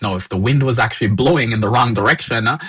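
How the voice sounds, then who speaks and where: A man's voice: medium pitch, fast talker, a bit bright, breathy edge. A man co-hosting a casual tech podcast discussion, rambling with frequent restarts and fillers. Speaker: co-host.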